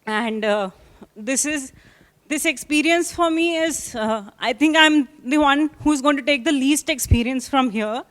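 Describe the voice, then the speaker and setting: Young woman, from India, Indian accent, slightly high voice, heartfelt, hesitant. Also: unhurried. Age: young adult. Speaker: attendee sharing experience.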